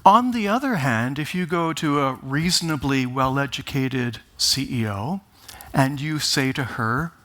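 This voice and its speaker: A man giving a conference talk, speaking deliberately and with emphasis, opening with wry jokes. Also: mid-range voice, lively intonation, pushed and bright. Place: conference stage.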